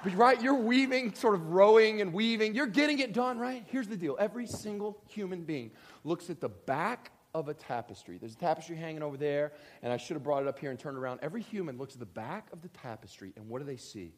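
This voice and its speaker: A man delivers a sermon with a fairly high voice at a quick pace, addressing his congregation earnestly and directly as he builds toward emphatic, animated bursts.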